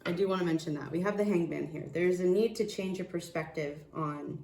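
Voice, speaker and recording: A woman giving a casual tarot reading, excitable and profane, often restarting her sentences. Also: fairly low pitch, a little fast, gravelly, reverberant. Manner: excitable, swears, laughs, trails off and restarts. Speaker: tarot reader.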